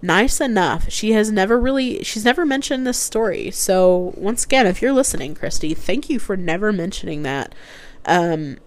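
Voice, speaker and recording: A woman's voice: mid-range voice, animated, moderate pace. A young woman hosting a solo podcast, telling a personal story in a chatty way, laughing often and using many fillers. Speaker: podcast host.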